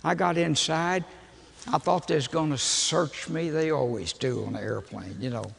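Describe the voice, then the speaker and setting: An older man, preaching in a folksy, humorous storytelling way with a gravelly, husky voice. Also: a little high, normal speed, a bit bright. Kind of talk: storytelling sermon. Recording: long hall reverb.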